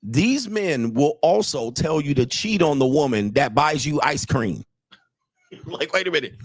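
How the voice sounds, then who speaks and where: A man's voice: a little high, expressive, unhurried, dry recording, studio quality. A man hosting a livestream, lecturing viewers in a blunt, profane way and laughing between points. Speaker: commentator, channel host. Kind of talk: livestream commentary rant.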